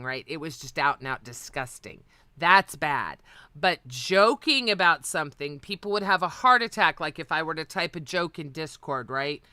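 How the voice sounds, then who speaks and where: Bright, smooth-voiced woman panelist. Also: low-pitched, no room sound. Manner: earnest, agreeable, rambling. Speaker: livestream panelist. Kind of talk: casual chat.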